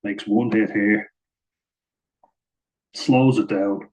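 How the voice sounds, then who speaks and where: This man talks over rugby footage as an analyst, casual and chatty, with lots of "like" and chuckles at his own side comments. His voice is on the low side, steady and a little mellow, and he speaks very slowly. The audio is low quality.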